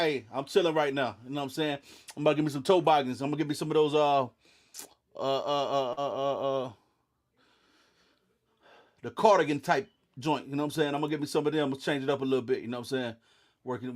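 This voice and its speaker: A young man with a drawl and a fairly high voice for a man hosts a relaxed livestream. He talks in a laid-back, drowsy way and greets viewers one after another. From eastern North Carolina. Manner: laid-back, repeats "you know what I'm saying". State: sleepy. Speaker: livestream host.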